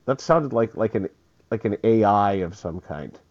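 A man's voice: lowish voice, animated, normal speed, lo-fi sound. A man hosting a casual sports talk radio show, rambling and repeating words as he laughs his way through listener texts.

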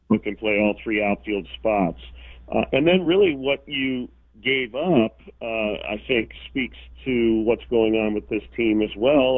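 Male baseball analyst on a phone line, low-ish voice, thin and dry sound, hesitant fillers. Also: no echo. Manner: measured, many uh fillers. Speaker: baseball broadcaster guest.

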